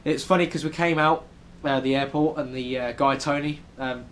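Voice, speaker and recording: A man's voice: mid-range voice, fairly even intonation, moderate pace, fairly bright tone, slight background noise. Chatty young British man vlogging. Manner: chatty, many ums, rambling. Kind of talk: casual travel vlog. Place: hotel room in New York City.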